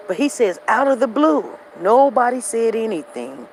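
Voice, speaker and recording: A woman hosting a casual show, telling a family story in a repetitive, animated, conversational way while walking outdoors. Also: on the high side, normal speed, a little hiss or hum, low-quality recording. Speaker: show host. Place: walking outdoors near traffic.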